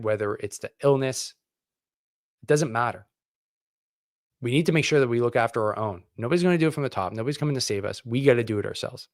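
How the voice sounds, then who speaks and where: A man's voice: no echo, clean studio sound. Impassioned veteran man rallying his listeners. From Canada. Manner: emphatic, rallying, loud bursts of pitch and volume; rough, plainspoken, curses. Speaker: veteran podcast host. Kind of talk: impassioned solo talk to camera.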